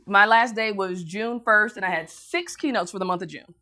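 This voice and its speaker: A woman's voice: medium pitch, moderate pace, pushed and bright. A woman motivational speaker telling a story to an audience, acting out other people's lines and laughing as she goes. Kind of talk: motivational speech.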